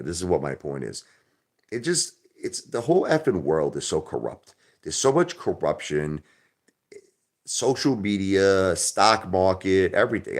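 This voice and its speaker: A man hosting a casual livestream, rambling and repeating himself, jumping from loud outbursts to low mutters and softening his swear words. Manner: minces swear words into euphemisms. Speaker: livestream host.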